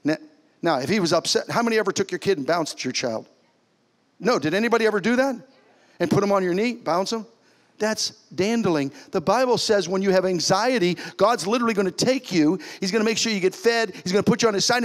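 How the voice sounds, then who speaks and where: A man preaching as a pastor in a church, animated, swinging between loud calls and soft, hushed lines. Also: high-pitched, fast talker. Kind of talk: sermon. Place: church sanctuary.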